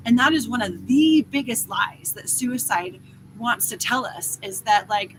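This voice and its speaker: A woman hosting a casual spiritual talk who talks in an animated way, swears freely and acts out inner voices. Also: on the high side, a little slow, a little hiss or hum. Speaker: host.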